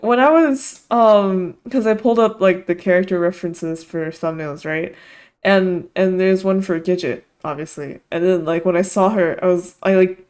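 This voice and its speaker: A young woman streamer reading a visual novel aloud, with giggly, rambling asides full of "like". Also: medium pitch.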